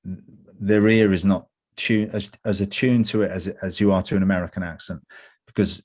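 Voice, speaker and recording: Deep-voiced Englishman telling stories. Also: fairly quick. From England. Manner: candid, anecdotal, animated when quoting others. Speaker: actor guest. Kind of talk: interview conversation.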